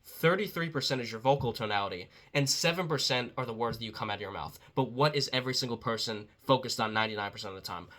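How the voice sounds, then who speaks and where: Bright-voiced blunt dating coach man. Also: mid-range voice. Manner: blunt, profane, quotes others in quick asides. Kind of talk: casual motivational talk.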